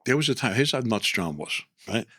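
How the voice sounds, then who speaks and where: A man, an animated storyteller who keeps repeating himself and asking "right?" as he recounts a story in casual chat. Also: mid-range voice, fairly quick, husky, no echo, studio quality. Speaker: former mobster guest.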